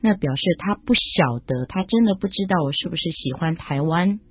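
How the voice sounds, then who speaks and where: Husky woman explaining lessons. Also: on the low side, animated, fairly quick, dry recording. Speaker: co-host explaining in Chinese. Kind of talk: scripted radio language lesson. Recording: tinny phone-like broadcast audio.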